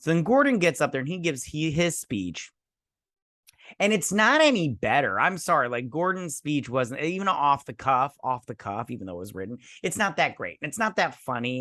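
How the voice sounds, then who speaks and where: A man's voice: medium pitch, big pitch swings, brisk, pushed and bright, no room sound, clean studio sound. A man hosting a casual spoken TV review, rambling with many fillers and restarts and mimicking characters' lines. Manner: acts out characters' lines in mocking voices. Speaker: TV review host.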